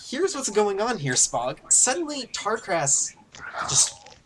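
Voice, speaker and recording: A man narrating a tabletop game as game master, telling the story in an animated way. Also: sits high, takes it slowly, low-quality recording.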